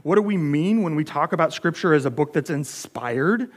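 A man's voice: on the high side, lively intonation, normal speed. An American man giving a sermon, telling a story in a chatty, self-deprecating way with many fillers. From United States. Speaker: pastor.

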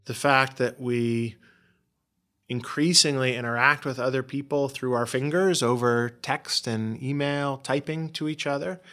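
A man being interviewed as a researcher, explaining his findings in an animated way and often restarting words. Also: medium pitch, measured pace. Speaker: guest researcher. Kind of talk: interview answers.

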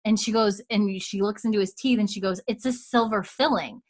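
A woman's voice: mid-range voice, steady tone, a little fast. A woman co-hosting a podcast, casually retelling scenes and quoting the characters' lines. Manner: retells scenes with quoted lines, chatty and giggly. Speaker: podcast co-host. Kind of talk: casual recap chat.

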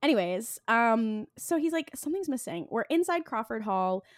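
A woman co-hosting a podcast, casually recapping an episode, retelling scenes with quick bits of quoted dialogue and frequent ums. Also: a little high, expressive, no echo, clean studio sound. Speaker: podcast co-host.

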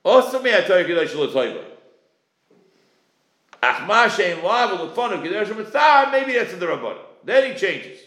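A man's voice: high voice, sing-song, moderate pace, a bit bright. A man in his forties teaching a Talmud class, acting out creditor and debtor exchanges. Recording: echoey room.

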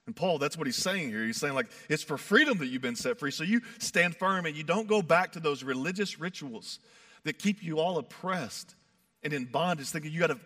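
Bright-voiced man preaching an emphatic sermon. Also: on the high side. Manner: emphatic, builds to fired-up peaks then drops soft; conversational, uses "like" and "you know". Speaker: pastor.

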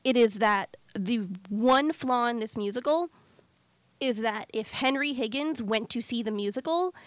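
A woman co-hosting a casual podcast, chatty and animated, her voice sitting a bit high. The sound is close and very dry. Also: measured pace, dry recording. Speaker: podcast co-host.

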